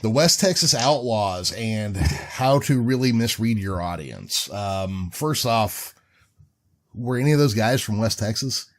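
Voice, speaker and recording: A man's voice: fairly low pitch, expressive, measured pace. An older man co-hosting a podcast, chatting in an easygoing way with dry jokes. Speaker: podcast co-host. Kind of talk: casual chat.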